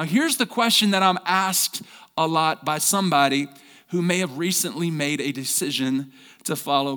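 A middle-aged man preaching a sermon as pastor, with big swings between loud, fired-up lines and quiet, low ones. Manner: energetic preaching with big swings in pitch and volume. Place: large church hall. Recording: long hall reverb.

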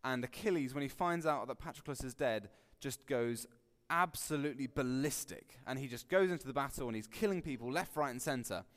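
A man giving a relaxed, conversational sermon, joking and acting out quotes with sudden loud bursts. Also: medium pitch, a little fast, hardly any pauses. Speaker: preacher. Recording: long hall reverb.

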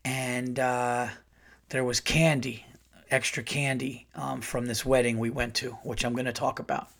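Middle-aged guy on his podcast, rambling story, swears a lot, gets worked up, normal pitch. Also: unhurried, creaky. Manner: animated, profane, rambling. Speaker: podcast host. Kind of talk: casual storytelling.

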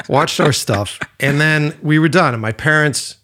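A man co-hosting a podcast, telling a personal story in a loose, animated way and swearing freely. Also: a little high, a little slow. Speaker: podcast co-host. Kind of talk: casual storytelling chat.

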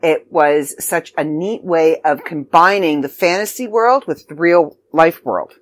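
A woman's voice: sits low, measured pace. A middle-aged woman from Canada, a magazine editor talking casually and promoting a writing contest with chatty, self-deprecating asides. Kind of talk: casual video announcement.

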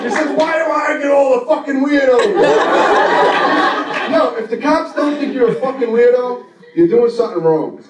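This high-pitched man in his forties spins a profane, rambling story onstage in an easygoing street manner, with the crowd laughing in the background. The recording is very noisy, captured by a far-off mic in an echoey room.

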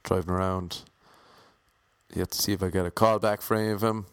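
A man's voice: sits low, steady tone, a little fast, smooth, no echo, studio quality. A man vlogging casually as an aspiring actor, rambling and mocking himself. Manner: rambling, self-deprecating. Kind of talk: casual vlog monologue.

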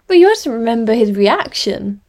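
A woman voicing a grieving middle-aged mother who presses loudly and eagerly. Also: a little high, fairly even intonation, very slow. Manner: loud, pressing enthusiasm.

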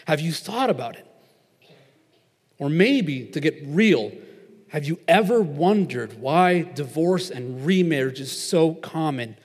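A young man preaches in a relaxed, chatty way, full of filler words as he tells a story. His voice sits a little on the high side. It rings out with the long echo of a big hall. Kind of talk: casual sermon with storytelling. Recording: long reverb of a large hall.

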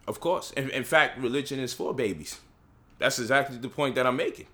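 A man leading a discussion gives an impassioned lecture, firing off rhetorical questions and mocking the voices he quotes. His voice is medium-pitched, brisk, bright and forceful.

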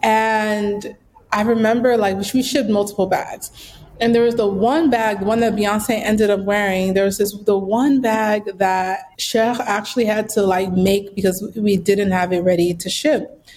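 A woman's voice: medium pitch, unhurried, poor audio. A young woman, a business founder, telling stories casually in an interview with lots of fillers. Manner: animated, chatty storyteller with lots of fillers. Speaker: guest, bag brand founder.

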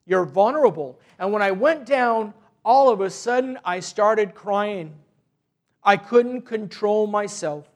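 A man with a high voice preaching from the pulpit as a parish priest. He tells his story earnestly and unhurriedly, often stopping to restart a phrase. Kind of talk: sermon with a retold story.

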